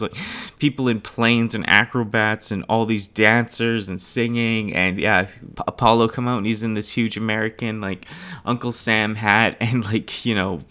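A man's voice: fairly low pitch, bright, forceful tone. A man hosting his own podcast, casually retelling and reviewing an old film, with many fillers, frequent laughs and a rambling flow. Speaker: podcast host. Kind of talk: casual movie review chat.

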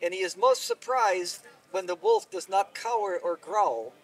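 A man telling a folk tale aloud at an outdoor event, unhurried and expressive, recorded from a distance. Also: high-pitched, creaky, husky. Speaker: storyteller. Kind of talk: oral storytelling.

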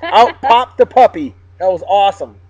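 A man hosts a casual vlog, upbeat and joking as he gives shout-outs to friends. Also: sits high, lively intonation, moderate pace. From Massachusetts. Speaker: vlog host. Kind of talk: casual chat. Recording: dull, dry sound.

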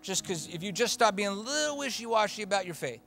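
A pastor preaching a sermon in church, emphatic and repetitive, swinging from loud declarations to hushed asides. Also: male voice, high voice, expressive, quick pace, soft background music.

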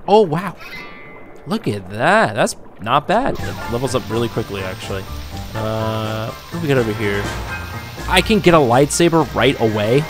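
A man giving excitable let's-play commentary, riffing as he explores a video game, with sudden jumps in pitch. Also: normal speed. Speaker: gaming YouTuber. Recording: game music behind.

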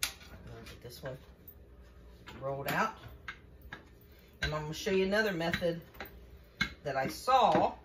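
A woman's voice: low-pitched, lively intonation, a little slow, long pauses. A woman gives a chatty, folksy home-cooking demonstration in her kitchen and talks to viewers as y'all. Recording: distant mic with faint background noise.

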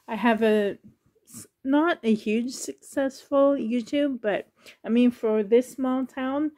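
Soft-spoken teary woman, slow and high. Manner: sensitive, fighting back tears, nervous laughs. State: near tears. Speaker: reborn doll collector and YouTuber. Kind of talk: casual vlog talk.

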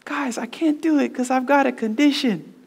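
A man doing a frantic, high-voiced panicky boy. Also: moderate pace, creaky, heavily acted. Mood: panicked. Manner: frantic, pleading, repeating himself. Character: panicky young boy cousin who fears edges.

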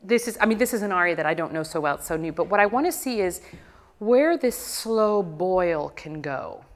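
A woman coaching a singer in a master class, animated and breaking into sung demonstrations. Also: on the low side, normal speed, big-room sound. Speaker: voice teacher.

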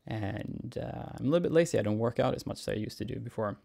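A young man, a cellist answering viewer questions in a relaxed, musing Q&A vlog, chuckling often. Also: mid-range voice, fast talker, creaky. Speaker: cellist and YouTuber. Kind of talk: casual Q&A vlog.

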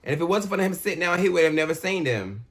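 A man's voice: a little high, expressive, quick pace, a bit bright. A man hosting a reaction video. He talks casually and reacts with emotion, asking questions aloud as he watches a film. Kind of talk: casual movie reaction commentary. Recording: heavy background noise from the film audio.

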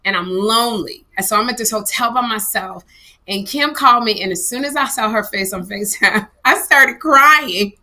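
Bright-voiced woman telling a story. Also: medium pitch, a little fast. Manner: animated storytelling, laughing and tearful at times. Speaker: co-host. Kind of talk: casual comedic podcast chat.

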